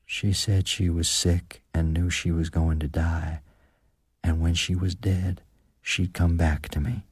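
A man voicing a gaunt, haunted rural man who speaks slowly and haltingly in rustic speech, read as an audiobook character. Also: deep voice, fairly even intonation, warm tone, breathy edge, no room sound, studio quality, full character voice. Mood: grim.

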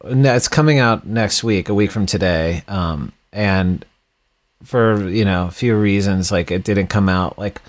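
Rambling, laid-back man with a low voice. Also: a little slow. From Milwaukee. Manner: rambling, many fillers and restarts. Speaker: podcast guest, band musician. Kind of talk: casual podcast chat.

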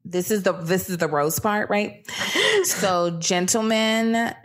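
A woman co-hosts a podcast, talking through a dating show in loose, profane chat. Her voice sits on the low side, and she drops into quick mocking impressions. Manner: chatty, swears freely, slips into mocking impressions. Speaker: podcast co-host. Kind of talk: casual chat recapping a TV show.

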